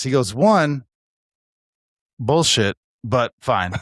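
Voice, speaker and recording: A man's voice: medium pitch, takes it slowly, no room sound. 40s guy telling stories on a podcast, cusses a lot, does the voices, dead dry mic. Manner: animated storyteller, acts out quoted dialogue, swears freely. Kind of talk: casual chat.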